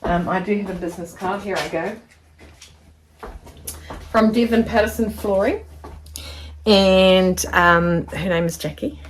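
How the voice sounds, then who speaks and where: A woman chatting casually to camera from her home sewing studio, rambling and excitable as she shows her makes. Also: mid-range voice, measured pace, pauses often, slight background noise. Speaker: sewing vlogger.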